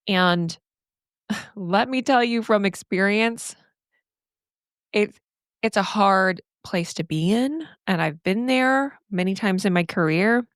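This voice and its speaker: A middle-aged woman hosting a solo podcast, speaking candidly and earnestly about therapist burnout, with an animated, casual manner. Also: mid-range voice, takes it slowly, pauses often, no room sound, clean studio sound. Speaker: podcast host and therapist coach.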